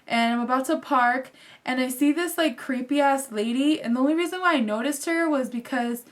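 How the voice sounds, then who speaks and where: A young woman with a fairly high voice talks straight to her viewers in a loose, chatty vlog. She tumbles through her story and drops "like" into nearly every phrase. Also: moderate pace. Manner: chatty and animated, fills speech with "like". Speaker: fashion vlogger.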